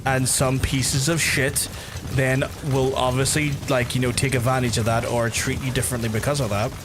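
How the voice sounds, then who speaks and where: A man's voice: medium pitch, little pitch movement, moderate pace, background noise. A man streaming a video game, chatting casually with his viewers, rambling and swearing freely as he answers their messages. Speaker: gaming livestreamer. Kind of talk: casual livestream chat while playing.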